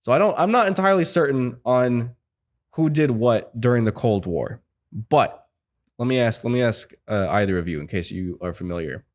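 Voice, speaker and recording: A man's voice: mid-range voice, expressive, normal speed. A man hosting a casual film podcast, talking in a rambling way with lots of fillers and restarts. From United States. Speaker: podcast host.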